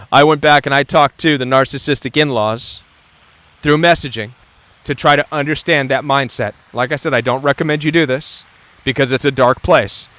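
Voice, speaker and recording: A man's voice: medium pitch, fairly bright tone, dry recording. A man hosting a talk about narcissistic abuse, speaking earnestly and emphatically, now and then acting out what others say. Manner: earnest, emphatic, acts out quoted voices. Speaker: host.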